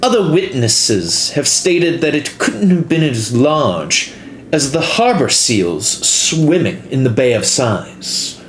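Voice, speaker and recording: A man's voice: mid-range voice, very animated, slow, reverberant, a little hiss or hum. A man voicing a tall, ageless female elf elder with a stately, formal manner.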